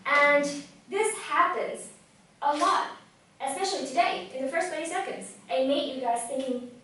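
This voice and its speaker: High-voiced young woman in an echoey room. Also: normal speed, slight background noise. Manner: lively storytelling, acts out quoted thoughts, asks the audience questions. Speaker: public speaking presenter. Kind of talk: live talk to an audience. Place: event room with live audience. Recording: very echoey room, voice from far off mic.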